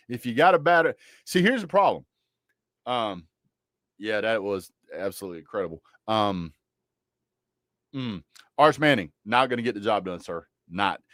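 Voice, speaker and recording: Man, lowish voice, dry close sound, casual football livestream host, blunt joking trash talk. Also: a bit bright, no room sound.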